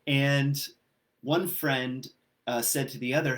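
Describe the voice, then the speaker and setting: Male pastor, easygoing conversational sermon delivery, mid-pitched voice. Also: slow. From Ireland. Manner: relaxed, conversational storytelling with frequent ums. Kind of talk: livestreamed sermon.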